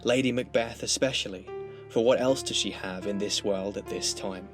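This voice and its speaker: Low-voiced man explaining literature. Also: music in the background. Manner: measured, explanatory. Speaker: literature lecturer. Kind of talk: scripted educational narration.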